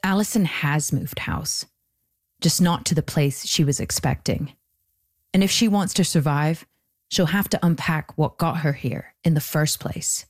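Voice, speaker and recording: Low-voiced woman narrating a documentary. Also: unhurried. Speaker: podcast host and narrator.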